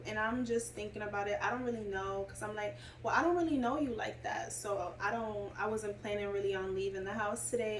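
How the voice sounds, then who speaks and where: Sitting away from the microphone in a roomy setting with faint background noise, a young adult woman vlogger rambles through a casual storytime, full of chatty asides. Her voice is mid-range.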